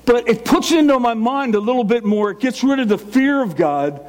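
A man in his sixties preaching a sermon, fast and emphatic, with teasing humor. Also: extremely high pitch, animated, a little mellow. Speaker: pastor.

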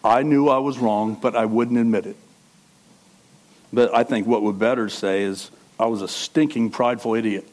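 A middle-aged male pastor gives a sermon with a conversational feel, keeping a steady tone and a moderate pace. He still dips into quiet asides and rises into loud, emphatic moments.

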